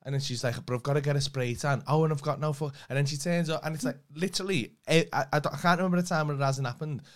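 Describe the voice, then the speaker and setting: A man's voice: on the high side, fairly even intonation, very fast. A man co-hosting a comedy podcast in casual chat, ranting in exasperation and swearing freely. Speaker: podcast co-host.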